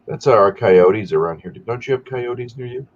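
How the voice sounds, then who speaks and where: A man's voice: mid-range voice, moderate pace, a little hiss or hum. A man joking around in casual chat as a guest on a live stream. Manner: joking, chatty. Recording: dull lo-fi stream audio.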